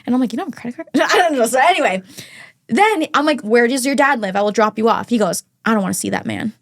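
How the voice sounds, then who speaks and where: A woman's voice: on the high side, fast talker. A young woman, a podcast guest, telling a dating story in casual chat and acting out the quotes. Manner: animated, acts out quotes in storytelling.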